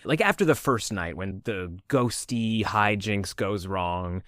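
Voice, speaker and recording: A man co-hosting a film podcast, talking in a loose, conversational way. His pitch swings widely, and he laughs and swears casually as he goes. The sound is dry and close to the mic. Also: lively intonation, slow pace, fairly bright tone, dry recording. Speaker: podcast co-host.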